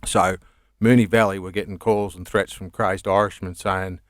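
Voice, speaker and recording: A man's voice: low voice, fairly even intonation, normal speed, no echo, studio quality. A comedian man with an Australian accent, telling rambling stories in casual chat, laughing and swearing as he goes. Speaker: comedian guest.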